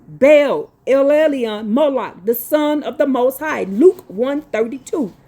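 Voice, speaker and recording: A woman reading religious notes slowly, then breaking into blunt, profane, scolding asides. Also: high-pitched, expressive, warm tone. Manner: slow deliberate reading broken by scolding rants. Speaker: religious teacher.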